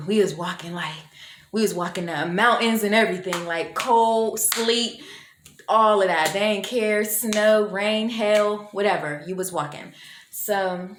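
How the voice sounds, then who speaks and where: A woman tells a story to her camera in a loose, slangy way. She acts out what other people said, and her voice climbs when she gets excited. The room is echoey, with a little noise underneath. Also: mid-range voice. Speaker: vlogger telling a story.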